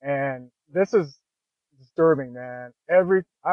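A man's voice: mid-range voice, unhurried, no room sound. Earnest man on a tinny line. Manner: earnest and candid, says "man" and "you know" often. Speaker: podcast guest. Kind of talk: conversational storytelling. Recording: dry, phone-like narrow sound.

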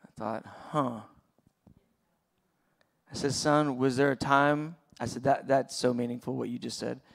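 A pastor in his forties preaching a sermon, telling a personal story in a conversational, halting way. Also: mid-range voice, steady tone, vocal fry. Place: church auditorium.

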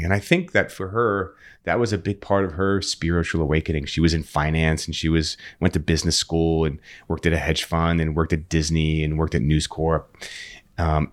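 This deep-voiced man is a podcast guest recounting a story with earnest animation in a casual chat, and he keeps repeating words whenever he restarts a thought.

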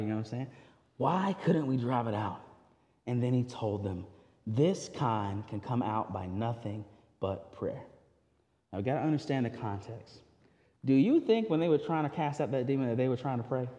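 A man preaching a sermon in a casual, conversational way with everyday slang, his delivery swinging between loud emphasis and quiet, low moments. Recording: long hall reverb.

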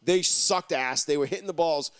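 A young man ranting loudly and crudely in a casual profane chat, mocking the people he complains about. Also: on the high side, normal speed, clear, resonant tone, dry recording.

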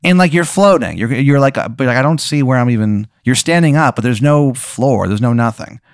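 A man's voice: medium pitch, a little fast, dry recording, studio quality. A young man hosting a podcast, casually telling an improvised crude story with lots of fillers. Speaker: podcast host.

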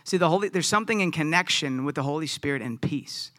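A man's voice: fairly high pitch, expressive, quick pace, fairly bright tone, no echo, clean studio sound. A man preaching a conversational sermon as pastor, earnest and thinking aloud with frequent restarts.

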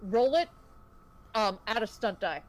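A woman's voice: mid-range voice, lively intonation, a little slow. A young woman running a tabletop game, chatting casually and laughing often. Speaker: game master.

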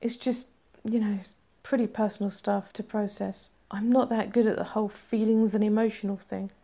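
A woman reading the lines of a remorseful young boyfriend who speaks softly and hesitantly, with a slightly gravelly voice. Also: medium pitch, level tone, moderate pace. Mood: earnest. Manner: soft, hesitant, apologetic.

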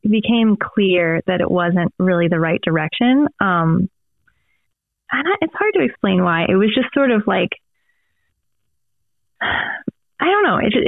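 A woman speaks in a mid-range voice as a podcast guest and audio theater director, in a casual interview chat. The recording is a dry, phone-like remote line with no room sound, and she rambles through tangents with plenty of fillers.

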